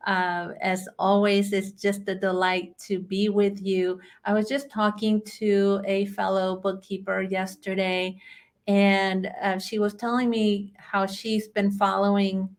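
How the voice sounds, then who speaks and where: Chilean-accented lady hosting a bookkeeping webinar, chatty and gushing, reading out names from the chat, medium pitch. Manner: effusive and chatty, greets people by name. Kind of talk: live webinar welcome, reading out attendees.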